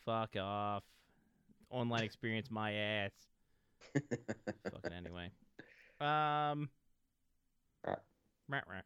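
A man co-hosting a hockey podcast in casual chat, swearing freely and rambling, often trailing off quietly. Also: on the low side, takes it slowly, pauses often, clean tone, no echo. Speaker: podcast co-host.

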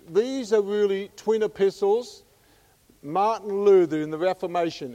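Man, Bible teacher, slow deliberate delivery, mellow tone, long hall echo. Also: a little high. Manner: slow, emphatic, rising loud on scripture. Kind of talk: Bible study lecture.

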